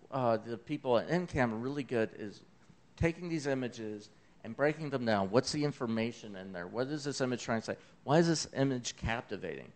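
A man from Memphis with a Southern accent, giving an enthusiastic conversational talk about a science project. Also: medium pitch. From Memphis, Tennessee. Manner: enthusiastic, conversational, with fillers and asides. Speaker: presenter of an eclipse accessibility project. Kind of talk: conference talk.

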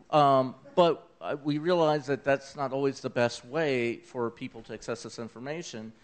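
A smooth, medium-pitched man with a Southern accent, hailing from Memphis, Tennessee, presents an eclipse accessibility science project at a conference. He talks enthusiastically and informally, dropping in fillers and tangents.

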